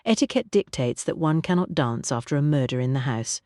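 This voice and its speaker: A woman voicing an imperious aristocratic lady who speaks sharply and decisively, nearly shouting, in an audiobook. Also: lively intonation, a little fast, no echo, studio quality. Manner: shrill, decisive, near shouting. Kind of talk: audiobook character voice.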